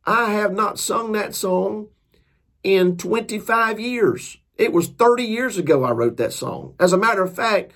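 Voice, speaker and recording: A man's voice: high-pitched, expressive, unhurried, a bit bright. A man, a preacher and author, telling a story in a folksy, earnest, casual way. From Georgia, US.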